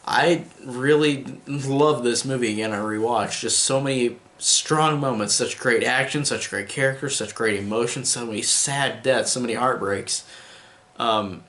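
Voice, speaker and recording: A man's voice: medium pitch, a little slow, a bit bright. A man giving a casual film review in an enthusiastic, emotional, rambling way. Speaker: movie reviewer. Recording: roomy echo.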